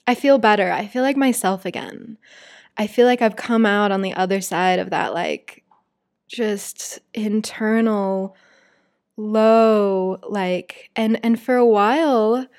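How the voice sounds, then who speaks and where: A woman's voice: medium pitch, slow pace, darkish tone. A woman hosting her own podcast, talking casually and confidingly to listeners with lots of "like" and "you guys" fillers. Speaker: podcast host. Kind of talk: casual solo podcast chat.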